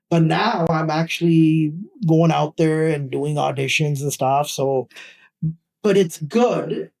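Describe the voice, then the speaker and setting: A man with a Canadian accent, an actor talking casually in an interview, animated and emphatic as he makes his points. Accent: Canadian English. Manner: animated, emphatic, rising pitch when making a point. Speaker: actor guest.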